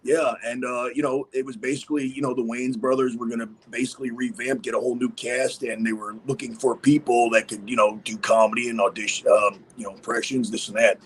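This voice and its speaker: A man's voice: medium pitch, little pitch movement, brisk, few pauses, husky, poor audio. A man speaking as a podcast guest, rambling casually with many fillers. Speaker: guest impersonator. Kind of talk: casual interview chat.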